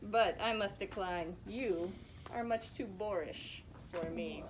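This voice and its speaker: A woman's voice: medium pitch, slow, background noise, lightly acted. A woman voicing a polite, cool-headed young female cockroach who turns down suitors.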